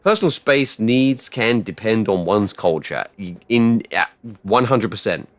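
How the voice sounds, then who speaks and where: A man streaming a game live, rambling casually and bursting out loudly when things go right. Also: on the low side, measured pace. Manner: rambling and excitable, with loud outbursts. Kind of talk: casual live-stream chat while gaming.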